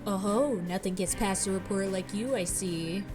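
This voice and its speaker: A woman's voice: medium pitch, normal speed, darkish tone, lightly acted. A woman voicing a courteous male taxi driver in a formal, butler-like manner, with music behind her. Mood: polite.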